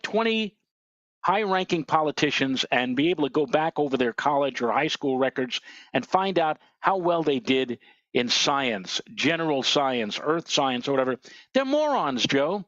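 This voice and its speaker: A man with a somewhat high voice rants indignantly during casual weather-show chat. He pushes his points hard and emphatically. The sound is dull, dry and lo-fi. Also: fairly bright tone, no room sound.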